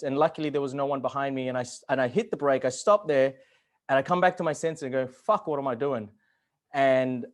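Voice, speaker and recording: A man speaking as a guest at an online summit, telling a personal story in an earnest way, swearing at times and growing animated when excited. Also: medium pitch. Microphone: video call.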